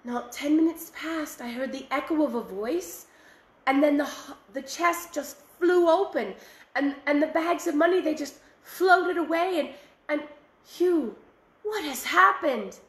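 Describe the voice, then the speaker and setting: A woman voicing a dazed farm wife and mother who talks haltingly, stumbling over her words, recorded in an echoey room. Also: sits high, voice pushed up. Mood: bewildered.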